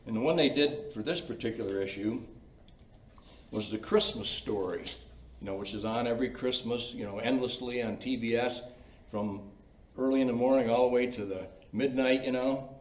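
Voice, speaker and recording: A man's voice: medium pitch, moderate pace, a little mellow, a little hiss or hum. An older man leading a creative writing workshop, telling anecdotes in a folksy, chatty way with many "you know" fillers. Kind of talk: informal lecture with anecdotes. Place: library meeting room. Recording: roomy sound from a distant mic.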